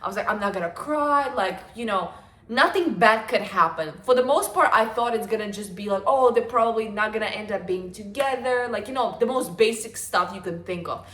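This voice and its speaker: A woman's voice: medium pitch, animated, brisk, fairly bright tone. A young woman in her twenties talks through her favorite reads in a loose, chatty way, with plenty of fillers along the way. Her voice sits in an ordinary middle register. The sound is roomy and echoey. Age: 20s. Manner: gushing, chatty, with lots of fillers. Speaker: book vlogger. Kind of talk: casual chat. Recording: echoey room.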